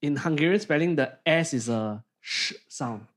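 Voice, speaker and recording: A man's voice: fairly high pitch, lively intonation, normal speed. A man with a Singaporean English accent co-hosting a podcast, explaining things in a casual, hesitant way while he searches for words. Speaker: podcast co-host. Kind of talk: casual chat.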